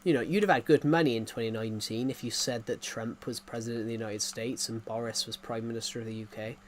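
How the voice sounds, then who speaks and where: A man's voice: mid-range voice, fairly even intonation, fast talker, slight background noise. A man, chatting casually on a game live stream, rambling and repeating himself with frequent chuckles.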